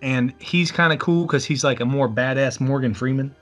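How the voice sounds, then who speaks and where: A man's voice: medium pitch, normal speed, a bit bright, soft background music. Sarcastic, swearing man in casual chat. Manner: profane, sarcastic, joking. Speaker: podcast co-host. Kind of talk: casual movie chat over beer.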